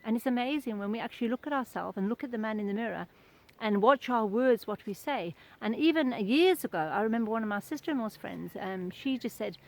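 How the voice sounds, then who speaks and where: Earnest, fairly high-voiced middle-aged woman. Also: expressive, a little fast, a little mellow, poor audio. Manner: earnest, conversational, anecdotal. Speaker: speaker giving a short devotional talk. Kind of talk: informal devotional talk.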